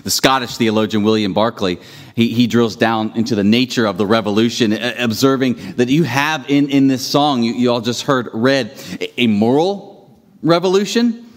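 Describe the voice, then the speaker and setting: A male pastor preaching a sermon, telling stories with restarts and emphatic rising peaks. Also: medium pitch. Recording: hall reverb.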